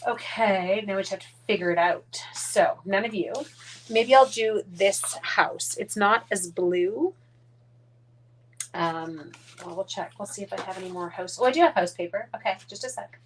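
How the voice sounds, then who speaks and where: A woman's voice: medium pitch, moderate pace, slight background noise. A woman from Canada chatting casually through a live-stream craft demo, rambling, muttering asides under her breath and talking to her dogs. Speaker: card-making demonstrator.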